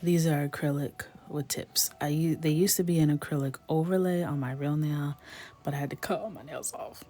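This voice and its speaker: A woman hosting a coloring livestream, chatting casually in a playful way, often dropping into soft whispered asides. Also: low-pitched, fairly even intonation, moderate pace.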